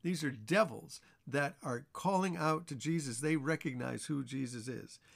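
Gravelly-voiced male pastor teaching scripture. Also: mid-range voice, normal speed. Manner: earnest, repetitive emphasis. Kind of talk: Bible teaching podcast.

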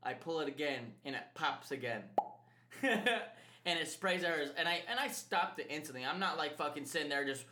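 A man's voice: on the high side, normal speed, roomy sound. A young man co-hosting a podcast, telling a story in casual, profanity-heavy chat. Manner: animated storyteller, heavy swearing. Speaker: podcast co-host.

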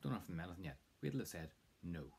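A man's voice: low voice, sing-song, rapid-fire, creaky, darkish tone, slightly rough. A man giving a casual, chatty spoken language lesson, coaching the listener along. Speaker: language teacher. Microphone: close mic to camera.

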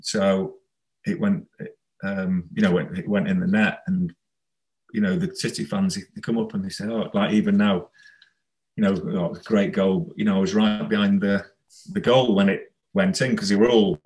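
Low-voiced man telling a football story. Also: fairly even intonation, moderate pace, darkish tone, poor audio. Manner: rambling, anecdotal, laughs while telling. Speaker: former footballer guest. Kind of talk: casual storytelling interview.

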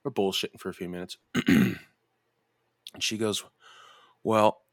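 A man hosting a podcast, telling a story in casual chat, profane and animated, jumping into high voices to mimic people. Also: moderate pace, dry recording, clean studio sound. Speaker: podcast host.

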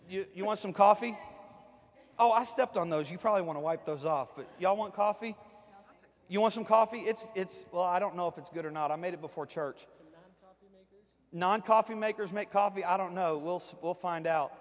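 A pastor, preaching a joking, folksy sermon to his congregation from the platform of a church. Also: high voice. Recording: long reverb of a church hall.

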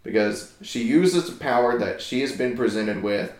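A man's voice: mid-range voice, normal speed. A man co-hosting a casual podcast chat with a dry, joking manner. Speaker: podcast co-host. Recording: echoey room.

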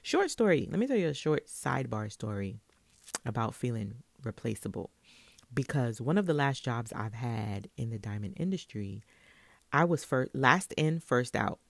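A woman from Brooklyn, a hairstylist telling a story in a casual, animated way and laughing often. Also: a bass voice, normal speed, vocal fry, no echo. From Brooklyn, New York.

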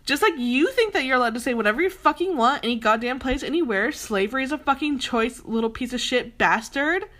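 A woman's voice: high voice, lively intonation, fairly quick, few pauses, fairly bright tone. A young woman ranting heatedly in a commentary vlog, emphatic and swearing often, with a lot of "like" fillers. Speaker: commentary vlogger.

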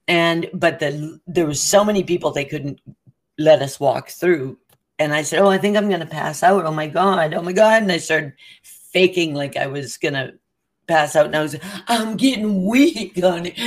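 A woman telling a long story in casual chat, acting out the lines of the people in it and laughing as she goes. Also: low voice. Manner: animated, acts out quotes with laughs. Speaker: co-host.

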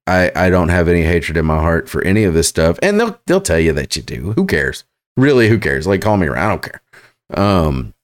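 A man hosting reaction commentary, sarcastic and halting, full of fillers and restarts. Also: deep voice. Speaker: commentary host.

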